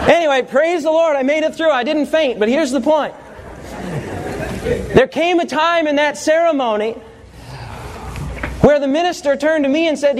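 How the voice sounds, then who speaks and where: A man's voice: very high voice, normal speed, slight background noise. A male pastor preaching a sermon, telling funny stories and quizzing the congregation. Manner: animated, humorous storytelling, quizzing the congregation.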